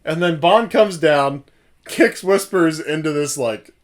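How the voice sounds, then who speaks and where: A man's voice: fairly high pitch, slow pace, crowd noise. A man co-hosting a casual movie review podcast, laughing often and acting out lines from the film. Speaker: podcast co-host.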